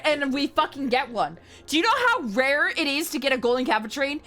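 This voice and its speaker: High, bright, excitable woman streamer. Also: brisk, soft background music. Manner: excitable, swears a lot, swings between shouting and mumbling. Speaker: livestreamer. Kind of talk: casual livestream chat.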